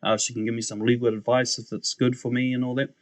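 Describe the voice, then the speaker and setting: A young man, a podcast guest telling his story in a casual, animated way, acting out the voices he quotes and laughing often. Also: mid-range voice, fast talker, no echo.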